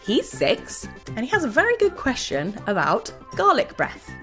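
A woman hosting a children's podcast, reading a scripted narration in a bright, enthusiastic storytelling way. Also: a little high, huge pitch swings, moderate pace, loud music behind the voice. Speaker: host.

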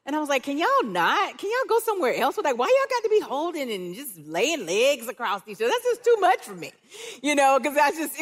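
Woman grandmother preaching with lively stories. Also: a little high. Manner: warm storytelling, animated quoting of others. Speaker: guest speaker, church care director. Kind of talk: sermon with personal stories. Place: church auditorium with live audience.

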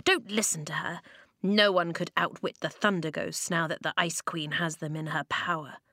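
A woman's voice: fairly low pitch, fairly even intonation, normal speed, sharp tone, dry recording, studio quality. A woman playing a sneering, suspicious girl. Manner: sneering, dismissive. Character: scornful, suspicious girl of a tribe.

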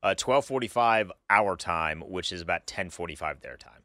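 A man with a fairly low but bright voice co-hosts a casual sports chat. He sounds eager and opinionated, recorded close and dry. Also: expressive, moderate pace, dry recording. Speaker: co-host.

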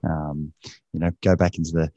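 A male interview host speaking haltingly, repeating words as he gathers his thoughts, in a dull lo-fi recording. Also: very deep voice, flat delivery, mellow, dry recording.

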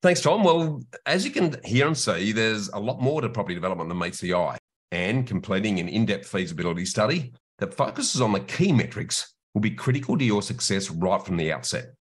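Australian male host, lowish voice, friendly matey chat. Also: lively intonation, brisk, slightly rough. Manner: friendly, matey, laughs easily. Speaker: podcast host. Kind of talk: casual chat.

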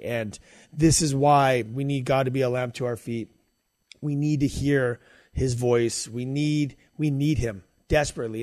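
A man's voice: mid-range voice, darkish tone, no room sound. A man who is a podcast guest, talking earnestly about faith in a casual way, with many fillers and restarts.

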